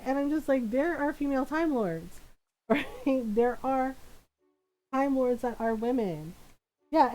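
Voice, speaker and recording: Woman streamer, gaming chat; a touch high, animated, laughs a lot, rambles. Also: rough recording.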